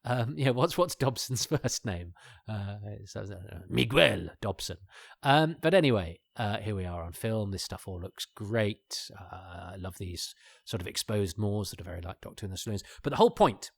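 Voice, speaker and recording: A man's voice: on the low side, normal speed, no echo, clean studio sound. A man talks through an old episode in a casual commentary, rambling with many restarts and fillers and chuckling asides. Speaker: podcast host.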